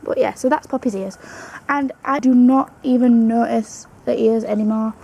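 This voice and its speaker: A woman's voice: a little high, steady tone, moderate pace, vocal fry, dark tone, husky, rough recording. A young woman vlogging at home about her pet rabbit in a chatty, fond way, now and then cooing to the animal. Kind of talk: casual storytelling to camera.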